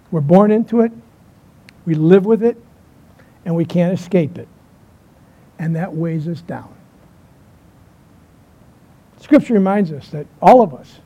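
A man preaching a sermon, moving between emphatic lines and quiet pauses, telling a story to make his point. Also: high-pitched, husky. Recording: dull lo-fi sound.

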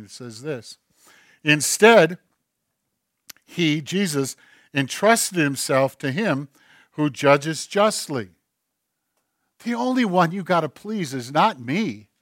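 A man's voice: a little high, no echo. Man preaching a sermon, dry close sound. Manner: swings between hushed and emphatic, acts out God's voice. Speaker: pastor.

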